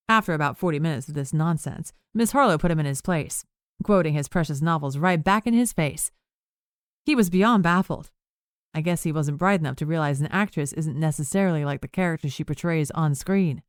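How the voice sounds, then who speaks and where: A woman narrating a cozy mystery audiobook in an even, measured way. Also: low-pitched, dry recording, clean studio sound. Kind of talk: scripted narration.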